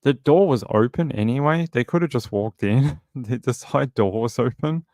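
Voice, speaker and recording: A man's voice: medium pitch, moderate pace, warm tone, no echo, studio quality. A man hosting a true crime livestream, rambling casually and thinking aloud.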